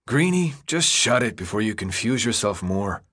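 A man's voice: fairly low pitch, sing-song, moderate pace, a bit bright. A man voicing a cocky, sarcastic teenage boy runner who talks in mocking, bossy slang.

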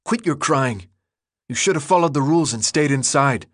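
A man's voice: mid-range voice, lively intonation, moderate pace, no echo, studio quality, pitched above the performer's own voice, natural voice. A man doing a harsh, snapping teenage boy. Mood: gruff, scornful. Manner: harsh, snapping, swings into despair. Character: tough, panicky teenage boy maze runner. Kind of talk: audiobook character voice.

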